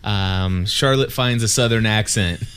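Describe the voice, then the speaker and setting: A man's voice: lowish voice, measured pace, a bit bright, smooth. A man co-hosting a casual podcast, talking in a playful, rambling way and often restarting his sentences. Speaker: podcast co-host. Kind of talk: casual chat.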